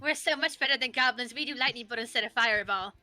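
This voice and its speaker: A young woman runs a tabletop game with playful, laughing narration. Her voice rides high and sounds very bright. The sound is dry and close, with no room echo. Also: fast talker, soft background music. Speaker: game master.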